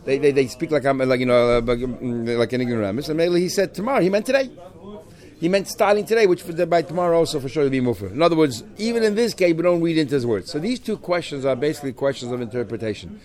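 Animated man teaching a Talmud class. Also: fairly high pitch, quick pace, hardly any pauses. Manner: animated, questioning, mixes in Hebrew terms.

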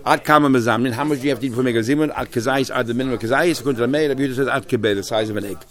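A man leading a Talmud class, explaining texts in a loose, animated way with many restarts and Hebrew and Yiddish terms. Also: mid-range voice, racing. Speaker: Talmud teacher.

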